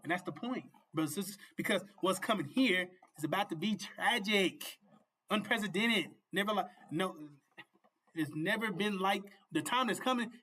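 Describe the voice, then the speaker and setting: A man's voice: high-pitched, normal speed. A man hosting a show and giving a fervent, informal sermon, repeating himself and often asking his listeners if they see. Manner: fervent, repetitive, often asks "You see?"; laughs and shouts at peaks. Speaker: preacher and show host.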